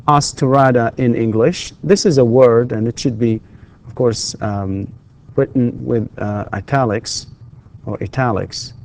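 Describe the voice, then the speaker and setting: A man's voice: mid-range voice, a little mellow, a little hiss or hum. A male university English lecturer, giving a recorded lesson and patiently repeating questions for his students. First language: Arabic.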